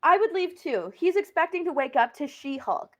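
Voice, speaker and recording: A woman co-hosting a casual review chat, lively and incredulous, ranting and acting out quotes. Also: extremely high pitch, normal speed, highs cut off.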